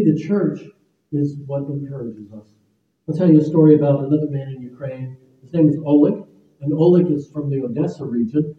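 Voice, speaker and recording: A man's voice: a little high, far from the mic. An older man preaching a sermon as pastor, telling stories in an easygoing way with fillers and restarts. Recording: echoey phone-like room sound from afar.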